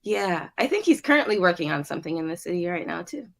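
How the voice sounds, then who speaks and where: Lively woman in casual podcast chat. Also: on the low side, quick pace, vocal fry, a crowd in the background. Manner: animated, laughs often, restarts sentences. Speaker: co-host of a show review podcast. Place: studio apartment.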